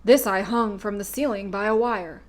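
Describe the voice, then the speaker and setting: A woman's voice: mid-range voice, moderate pace, lightly acted. A woman reading aloud voices a timid, meek little old man who has been posing as a great wizard, speaking in a trembling voice.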